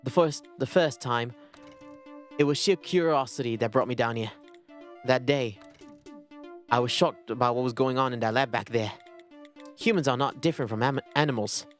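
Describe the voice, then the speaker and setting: A calm, evasive suspect who answers in cool, measured sentences and never quite gives anything away, as a man reads him out in his own voice. The pace stays even and unhurried. Faint music sits in the background. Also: medium pitch, natural voice. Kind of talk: reading game dialogue aloud.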